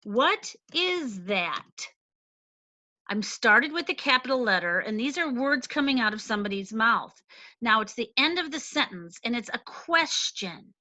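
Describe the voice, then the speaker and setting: A woman teacher explaining a lesson slowly and deliberately, stressing each point. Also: on the high side, big pitch swings, sharp tone, no room sound. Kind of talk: recorded classroom lesson.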